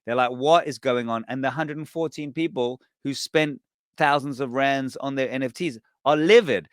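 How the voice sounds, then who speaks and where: A man hosting a podcast, telling a story in a casual, animated way, swearing and acting out what people said. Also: mid-range voice, moderate pace, dry recording, studio quality. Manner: animated, swearing, acts out quoted voices. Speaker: podcast host.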